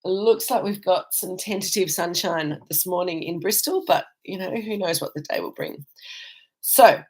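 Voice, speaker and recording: Husky and darkish in tone, her fairly low voice moves at a normal speed. An Australian woman, she is indoors while travelling and hosting a live virtual wine tasting, where she casually works through viewer comments, wandering off track with many ums and restarts.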